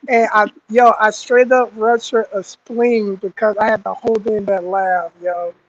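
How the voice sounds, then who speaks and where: A man's voice: sits high, unhurried, dull audio, a little hiss or hum. A man with a Southern American accent telling a story in casual chat, acting out the voices of the people in it. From Southern United States. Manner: animated, acts out voices in stories. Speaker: guest fighter.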